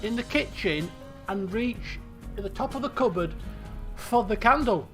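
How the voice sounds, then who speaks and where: A man's voice: sits high, lively intonation, a little slow, a bit bright, soft background music. A man quoting his stubborn seventy-something mother. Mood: insistent. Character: stubborn devoted elderly mother, woman in her seventies.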